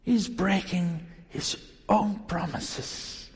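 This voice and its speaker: High-voiced guy preaching slowly, lots of questions to the congregation, long church echo. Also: fairly even intonation. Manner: emphatic, rhetorical questions to the congregation; slow, deliberate delivery with sudden rises. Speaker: pastor. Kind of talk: sermon.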